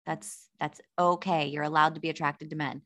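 A woman co-hosting a casual chat, frank and quick to laugh, reading listener stories. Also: low voice, flat delivery, fairly bright tone, dry recording. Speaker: podcast co-host.

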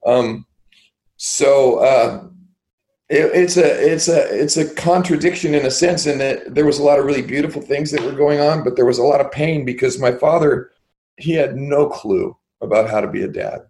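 An older man, an interview guest, telling his life story in a halting, rambling way with many fillers and restarts. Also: medium pitch, a little mellow, poor audio.

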